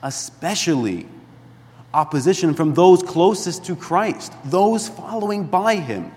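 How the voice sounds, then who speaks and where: A man preaching a sermon as a priest in a church, deliberate and emphatic, dropping to a hush at times. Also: a little high, expressive, in a large hall. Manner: slow, deliberate preaching with emphatic rises and hushed drops.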